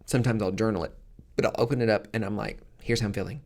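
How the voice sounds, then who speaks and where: A man with a fairly low voice hosts his own podcast. He talks in a candid, casual monologue and swears freely. His delivery is loose and conversational. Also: steady tone, rapid-fire, darkish tone. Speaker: podcast host.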